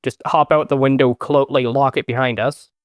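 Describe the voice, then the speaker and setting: A man's voice: mid-range voice, fairly even intonation, moderate pace, no echo, studio quality. A man playing a tabletop game who describes his moves in an eager, rambling way. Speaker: player. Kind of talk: casual tabletop play.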